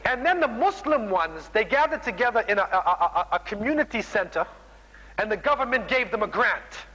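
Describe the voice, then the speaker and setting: Emphatic male preacher, bright forceful tone, reverberant hall. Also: high voice, expressive, fairly quick. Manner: emphatic, keeps tagging sentences with "man". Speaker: Muslim preacher. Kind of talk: sermon.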